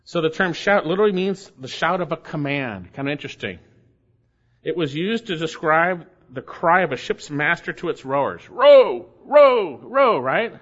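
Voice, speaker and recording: Emphatic higher-voiced male preacher. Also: animated, normal speed, bright, forceful tone. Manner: emphatic, repeats key phrases for stress. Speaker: pastor. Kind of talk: expository sermon. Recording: dull lo-fi sermon recording.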